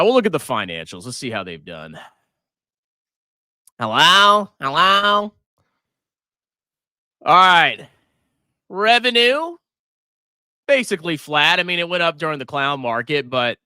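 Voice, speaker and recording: Animated, sharp-toned male stock streamer. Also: a little high, no room sound, studio quality. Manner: excitable, swears freely, quick to laugh. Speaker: finance livestream host. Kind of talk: casual livestream stock commentary.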